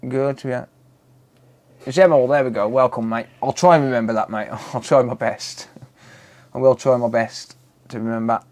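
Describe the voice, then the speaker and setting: A man's voice: medium pitch, steady tone, moderate pace, long pauses, darkish tone. Man greeting his live stream chat. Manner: greets chat viewers by name, says "mate" often. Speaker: live stream host, repair technician.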